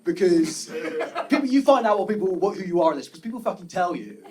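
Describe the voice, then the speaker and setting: High-voiced comedian with restless restarts. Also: male voice, animated, a little fast. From United Kingdom. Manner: restless, full of restarts and swearing, laughs often. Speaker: stand-up comedian. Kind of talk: stand-up set. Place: small comedy club stage. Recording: live club recording with background noise.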